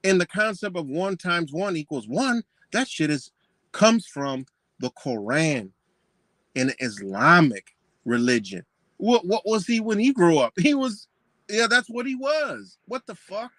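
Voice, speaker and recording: A man's voice: high-pitched, very animated, measured pace, a bit bright, no room sound. A man ranting in a scornful, profane commentary, mocking what he reads and firing off rhetorical questions. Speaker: commentator reacting to a book.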